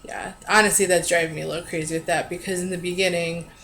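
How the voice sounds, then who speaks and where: A woman co-hosting a casual recap chat in an easygoing, chatty way, quick to agree. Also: on the low side, little pitch movement, fairly bright tone, a little hiss or hum, low-quality recording. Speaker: podcast co-host.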